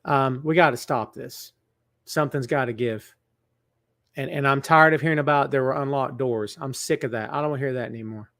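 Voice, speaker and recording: The voice belongs to a middle-aged wrestling podcast host in a large building who chats casually on a live stream, greets viewers by name, and speaks earnestly, turning somber on serious topics. He talks briskly in a steady, mid-range, slightly bright voice; the webcam recording is dry.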